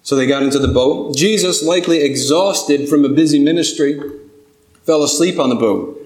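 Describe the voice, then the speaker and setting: A man's voice: on the high side, normal speed, darkish tone. A man preaching a sermon, earnest and building to pleading intensity. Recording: echoey room.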